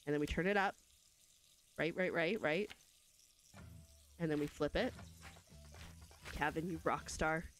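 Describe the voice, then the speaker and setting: A woman hosting a let's play, chatty and excitable, laughing often as she plays through a cooking game. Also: low voice, a little slow, pauses often, a little hiss or hum. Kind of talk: gameplay commentary.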